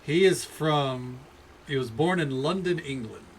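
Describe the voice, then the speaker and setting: A man's voice: fairly high pitch, lively intonation, unhurried, slight background noise. A man streaming a video game, chatting casually and rambling, with frequent cursing and restarts. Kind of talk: casual gaming commentary.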